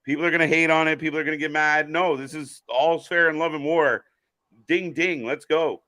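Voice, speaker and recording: Bright, jokey male stream host. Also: fairly high pitch, fairly even intonation, a little fast. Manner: jokey, addresses viewers directly. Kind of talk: casual live wrestling commentary.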